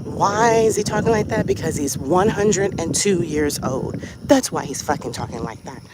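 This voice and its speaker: The recording is very noisy as a podcast host walks outdoors, telling a story in a casual monologue. The mid-range voice moves at a moderate pace, animated and profane, full of rhetorical questions.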